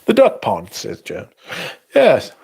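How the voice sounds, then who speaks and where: A man's voice: a little high, wildly swooping pitch, slow, gravelly, darkish tone, breathy edge. A middle-aged man, hosting a livestream in a loose, rambling, swear-heavy chat and reading out viewer comments. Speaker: livestream host.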